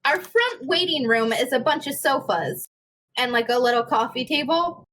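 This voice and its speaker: A young woman casually telling a work story, animated and laughing as she acts out what people said. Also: sits high, moderate pace. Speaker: podcast co-host.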